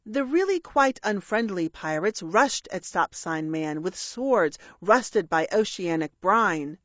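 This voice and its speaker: Slow-reading woman storyteller. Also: medium pitch, no echo, dull audio. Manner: measured, expressive rhyming delivery. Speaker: narrator. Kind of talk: rhyming storybook read-aloud.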